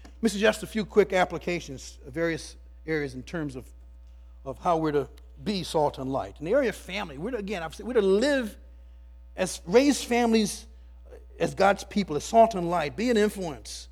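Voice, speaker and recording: A man's voice: high-pitched, expressive, moderate pace, darkish tone, husky. A man preaching a sermon as pastor, emphatic, repeating words as he builds his points.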